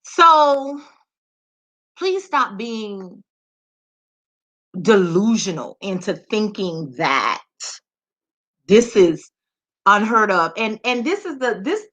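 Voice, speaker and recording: A woman's voice: a little high, very animated, slow pace, long pauses, a bit bright. A woman giving impassioned social commentary, talking straight to her audience with emphatic repetition and rhetorical questions. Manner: direct address to the audience.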